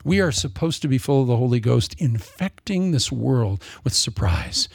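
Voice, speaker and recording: A man preaching a sermon in a lively, jokey way, acting out quotes in different voices. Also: mid-range voice, normal speed, gravelly, breathy edge, no room sound, clean studio sound. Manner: animated, jokey, acts out quotes.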